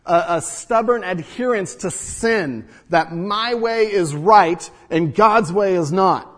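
A man's voice: sits high, slow pace, fairly bright tone. A man preaching a sermon as pastor, teaching earnestly, asking rhetorical questions and speaking to the congregation directly. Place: church hall with congregation. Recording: long hall reverb.

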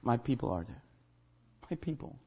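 A man's voice: mid-range voice, big pitch swings, normal speed, mellow, slightly rough. A man from Guatemala with a Guatemalan accent, a native Spanish speaker, preaching a sermon as pastor, emphatic and joking.

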